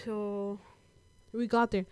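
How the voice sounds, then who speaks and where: A woman's voice: medium pitch, little pitch movement, takes it slowly, clear, resonant tone, no echo, clean studio sound. A young woman from the United States telling a personal story in a casual chat, slangy and laid-back, with lots of fillers.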